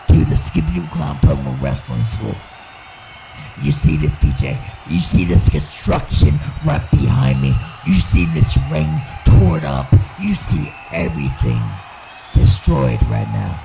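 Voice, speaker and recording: A man playing an angry evil clown wrestler who yells threats and swings between brooding and shouting. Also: mid-range voice, heavily acted, poor audio. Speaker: wrestling promo character. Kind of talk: wrestling promo. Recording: music playing clearly behind.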